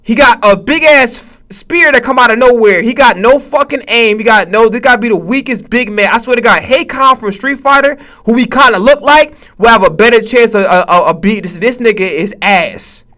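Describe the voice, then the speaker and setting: Male streamer, very high bright voice, profane stammering trash talk on a live reaction stream. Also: moderate pace, few pauses. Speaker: Twitch streamer.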